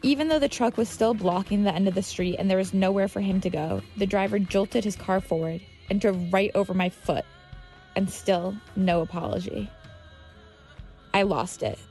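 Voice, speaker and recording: A woman's voice: medium pitch, moderate pace, dark tone, soft background music. A woman telling her own story as scripted narration, tense and vivid. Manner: tense, vivid storytelling with heated quoted outbursts.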